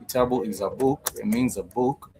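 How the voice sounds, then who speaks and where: A man teaching a Swahili lesson online, patiently repeating words and drilling them slowly, with plenty of fillers and restarts. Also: mid-range voice, dark tone, a little hiss or hum, low-quality recording.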